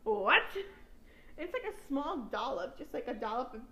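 A woman's voice: fairly high pitch, sing-song, moderate pace, pushed and bright, echoey room, rough recording. A young woman from New York, a podcast host chatting casually, rambling and swearing and laughing at her own stories. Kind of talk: casual chat.

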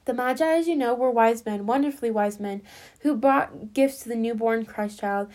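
A woman reading a classic story aloud as a storyteller, gently addressing her listeners as friends. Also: on the high side, moderate pace.

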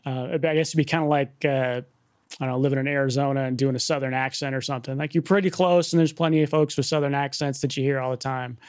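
A man's voice: mid-range voice, steady tone, quick pace, smooth, no echo. An American man chatting casually as a podcast co-host in a laid-back way. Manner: easygoing, laid-back, says "dude". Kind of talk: casual chat.

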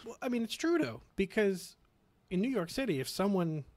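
A man's voice: high voice, sing-song, normal speed, darkish tone. A man from the US Northeast co-hosting a casual podcast, telling stories in an easygoing, agreeable way. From US Northeast, tri-state area. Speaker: podcast co-host. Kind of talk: casual chat.

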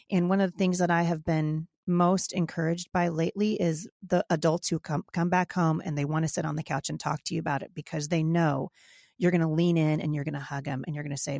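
A woman's voice: fairly low pitch, fairly even intonation, fairly quick, gravelly, no room sound, studio quality. A middle-aged woman hosting a casual conversation, telling heartfelt personal stories. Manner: warm, heartfelt storytelling. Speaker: podcast host.

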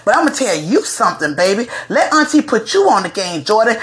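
A woman hosting a celebrity gossip show, talking in a sassy, animated way and bursting into shouts. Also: fairly high pitch, brisk, hardly any pauses, a little hiss or hum. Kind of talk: casual gossip commentary. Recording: echoey room.

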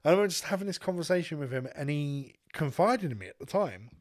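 A man's voice: fairly high pitch, lively intonation, fast. Profane man spinning a story. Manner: rambling, profane storytelling with asides. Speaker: podcast co-host telling a story. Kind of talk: casual chat.

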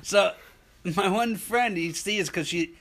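Animated man telling a school story. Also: high-pitched, takes it slowly. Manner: animated, slips into impressions of friends. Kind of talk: casual storytelling chat.

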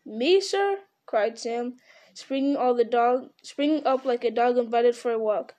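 A woman reading a fantasy story aloud in a measured, expressive narration. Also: a little high, clear, resonant tone. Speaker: audiobook narrator.

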